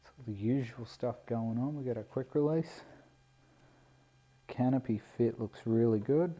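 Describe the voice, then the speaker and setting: Male hobbyist, casual unboxing chat, very dark mellow timbre, muffled home-video sound. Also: mid-range voice, moderate pace. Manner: laid-back, self-deprecating, chatty. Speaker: RC plane hobbyist vlogger. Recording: dull lo-fi camera audio.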